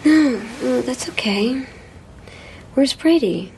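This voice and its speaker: A woman's voice: high-pitched, expressive, slow, creaky, a little mellow, a little hiss or hum, exaggerated voice. An actress playing a sleepy woman just woken by a friend's phone call, in a film clip. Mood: sleepy, caring.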